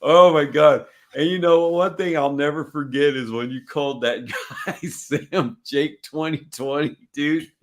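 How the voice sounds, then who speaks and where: A man's voice: a little high, fairly even intonation, unhurried. A man from Texas hosting a casual live-stream chat, telling stories with lots of swearing and laughter. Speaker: podcast host. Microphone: video call stream.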